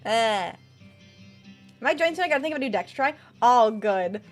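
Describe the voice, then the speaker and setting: A woman's voice: a little high, expressive, a little fast, faint music behind. A young woman streaming, chatting casually with viewers, reading chat aloud and swearing freely. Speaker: VTuber streamer.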